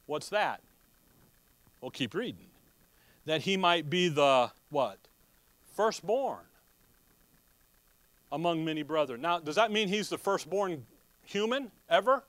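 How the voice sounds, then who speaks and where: A man's voice: on the high side, expressive, slow, pauses often, a bit bright, dry recording. A man preaching a Bible teaching sermon who asks his listeners questions and answers them himself, with joking asides. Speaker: pastor.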